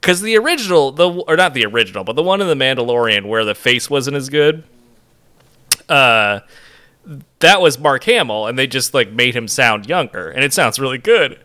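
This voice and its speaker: A man's voice: medium pitch, sing-song, moderate pace, bright, forceful tone. A man co-hosting a podcast in casual chat, joking and laughing often. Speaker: podcast co-host.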